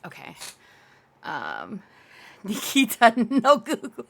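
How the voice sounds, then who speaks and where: A woman's voice: a little high, wildly swooping pitch, slow, vocal fry. A young adult woman live-streaming, chatting casually with her viewers in a giggly, rambling way and answering chat aloud.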